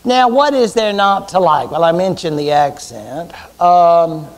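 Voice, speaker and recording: A man's voice: fairly high pitch, animated, a little slow. A man with a Southern US accent giving a university history lecture, chatty and wry, asking the class rhetorical questions.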